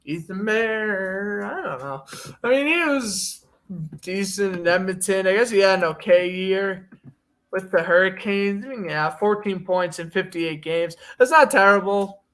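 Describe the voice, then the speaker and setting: A man's voice: sits high, unhurried, fairly bright tone. A young man co-hosting a casual sports chat, opinionated and jokey as he runs through player news. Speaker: podcast co-host.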